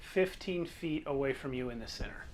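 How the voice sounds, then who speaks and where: A man narrating as game master of a tabletop role-playing game, describing scenes in a measured way. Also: mid-range voice, a crowd in the background, poor audio.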